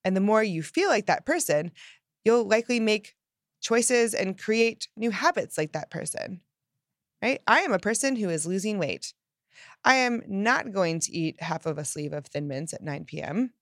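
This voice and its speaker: Upbeat woman doing a self-help pep talk, mid pitch, very dry sound. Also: animated, moderate pace, no room sound. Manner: upbeat and emphatic, acts out quoted phrases. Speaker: self-help podcast host. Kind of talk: motivational talk.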